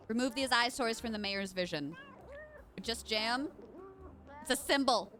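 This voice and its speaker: A woman's voice: a little high, sharp tone, a little hiss or hum. Woman voicing a pompous, sleepy cat mayor. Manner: slow, lofty, drowsy proclamations.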